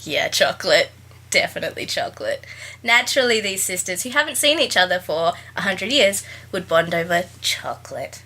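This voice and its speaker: Husky bright-voiced woman, sarcastic. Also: on the low side, lively intonation, moderate pace. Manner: sarcastic, laughs often. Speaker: guest podcast host. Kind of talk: casual comedic book chat.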